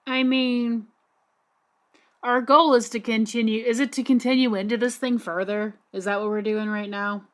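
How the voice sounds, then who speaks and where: A woman's voice: a little high, fairly even intonation, normal speed. A woman playing a tabletop game, asking unsure questions. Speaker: player.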